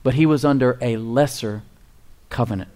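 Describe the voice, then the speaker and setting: Animated preaching man. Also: medium pitch, normal speed. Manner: animated, emphatic, chuckles at his own points. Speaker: pastor and Bible teacher. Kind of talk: conversational sermon.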